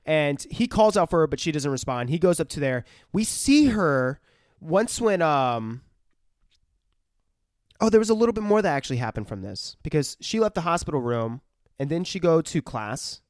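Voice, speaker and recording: Male podcast co-host, loose and profane, recapping plots; slightly high, dry sound. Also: sing-song, normal speed, no room sound. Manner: profane rambling plot recap. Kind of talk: casual film review chat.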